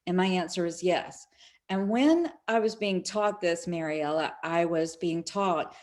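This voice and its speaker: This middle-aged spiritual speaker has a lowish voice and a measured pace as she tells stories in an online summit interview. Animated in manner, she plays out the quoted conversations.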